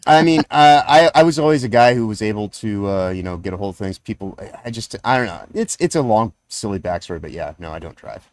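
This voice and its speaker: A man's voice: fairly low pitch, lively intonation, no echo. A man guesting on a livestream, chatting casually and rambling with restarts. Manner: rambling, restarts, quick asides.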